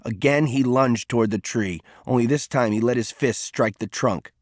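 A man reads a novel aloud at a steady, measured pace, like a polished audiobook. His voice sits mid-range for a man. The recording is dry and close, with no room sound. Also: medium pitch, no echo. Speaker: narrator. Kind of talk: scripted audiobook narration.

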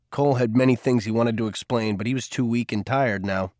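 A man narrating a novel in an even, steady storytelling voice. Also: mid-range voice, brisk, few pauses, dry recording, clean studio sound. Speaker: audiobook narrator. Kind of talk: scripted narration.

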